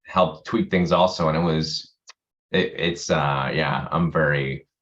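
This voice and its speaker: A man with a very low voice talks about his work in a loose, rambling way, often starting over mid-sentence. His audio comes through dull and lo-fi, the way a video call does. He laughs easily as he goes. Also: fairly even intonation, a little slow, fairly bright tone. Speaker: actor guest. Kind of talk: casual interview chat.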